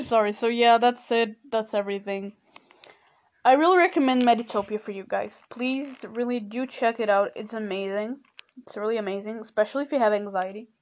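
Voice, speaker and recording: A teenage girl hosting her own podcast in a casual, hesitant way, soft-spoken and apologetic, filling pauses with "you know". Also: a little high. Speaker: podcast host. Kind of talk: casual solo podcast talk.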